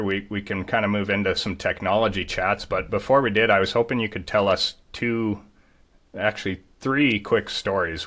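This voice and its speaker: A man's voice: on the low side, pushed and bright. A man hosting a casual interview, asking questions in a hesitant way with frequent restarts. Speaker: podcast host.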